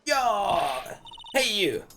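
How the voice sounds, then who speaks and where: A woman reading aloud as a brash, quick-tempered country woman photographer, scolding and folksy. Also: mid-range voice, big pitch swings, noisy background, pitched above the performer's own voice. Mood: indignant.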